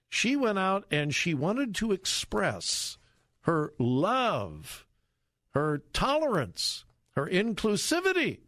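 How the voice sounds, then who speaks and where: A man's voice: a little high, no echo. A man hosting a talk radio show, speaking with emphatic, indignant commentary into a studio mic. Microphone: studio microphone.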